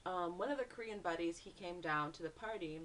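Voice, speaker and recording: A young woman vlogger telling a story in a casual, animated way, saying "like" a lot. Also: fairly low pitch, fairly quick, recorded from a distance, a little hiss or hum. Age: young adult. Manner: animated, says "like" a lot, acts out screams in quotes.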